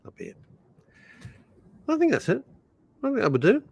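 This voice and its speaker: Animated older radio host. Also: male voice, very high voice, normal speed, creaky, slightly rough, no echo. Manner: animated, rambling, jumps between topics. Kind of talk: casual radio chat. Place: radio studio.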